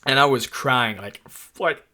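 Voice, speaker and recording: A young adult man giving casual tier-list commentary, telling rambling, excitable stories padded with lots of "like". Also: medium pitch, unhurried. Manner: excitable, rambling storyteller full of "like". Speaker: anime YouTuber.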